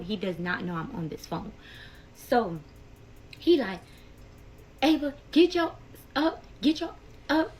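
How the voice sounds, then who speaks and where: A young adult woman with a mid-range voice and vocal fry tells her viewers a heated story, vlog style. The recording is rough, and she's chatty and emotional, speaking straight to them as "y'all."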